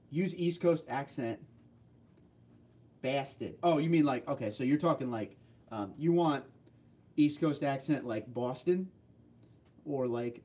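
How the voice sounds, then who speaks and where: This New Jersey livestream host has a slightly high, slightly mellow voice. He keeps it casual, chatting and kidding around while working through viewers' comments.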